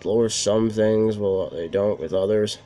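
A man's voice: on the low side, measured pace, warm tone. A man casually commenting on his gameplay, swearing when frustrated. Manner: frustrated, cursing, chatty. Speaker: let's play host.

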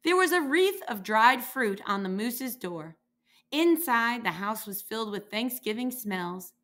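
Slow, lively woman reading a storybook. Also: a little high. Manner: lively character voices, slow and expressive. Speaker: reader. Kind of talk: children's picture book read-aloud.

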